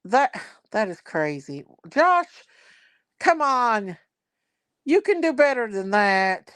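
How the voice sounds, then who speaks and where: Woman livestream host, casual chat, clean smooth tone, mid pitch. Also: big pitch swings, slow, fairly bright tone, dry recording. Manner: chatty, reads viewer comments aloud, Southern-style grammar.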